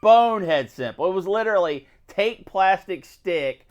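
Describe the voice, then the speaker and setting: Lively, animated male storyteller. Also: sits high, normal speed, highs cut off. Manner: animated storytelling, acts out other people's lines. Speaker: co-host. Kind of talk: casual chat.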